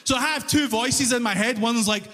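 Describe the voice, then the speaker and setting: A man with a Glaswegian accent doing stand-up, telling a story in an animated, exasperated way with shouted punchlines, live in a large concert hall. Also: very high-pitched, normal speed. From Scotland. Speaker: stand-up comedian.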